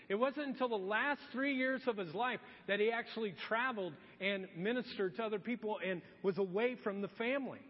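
A man's voice: sits high, big-room sound, highs cut off. A man preaching a sermon as a pastor, in a casual, joking storytelling manner.

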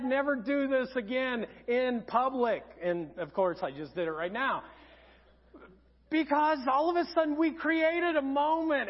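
High-voiced pastor telling funny stories. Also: male voice. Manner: humorous storytelling, animated and lively. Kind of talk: sermon. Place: church auditorium. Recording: dull sound in a reverberant auditorium.

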